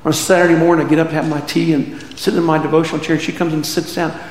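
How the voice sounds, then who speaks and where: A man's voice: a little high, level tone, rapid-fire, darkish tone. A middle-aged male pastor preaching a conversational sermon, peppered with rhetorical questions to his congregation. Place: church sanctuary. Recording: echoey hall reverb.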